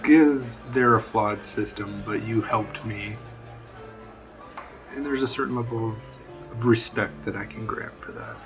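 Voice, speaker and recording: A man's voice: lowish voice, measured pace, over music, poor audio. A man voicing a blunt, cynical male brawler who brushes off questions, role-playing at a tabletop game. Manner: blunt, dismissive. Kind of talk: tabletop role-play in character.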